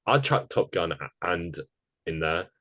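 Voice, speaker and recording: A man with a fairly low voice co-hosts a relaxed podcast, rattling through award picks in quick lists. The sound is dry and close. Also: no echo. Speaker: podcast co-host. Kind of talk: casual chat.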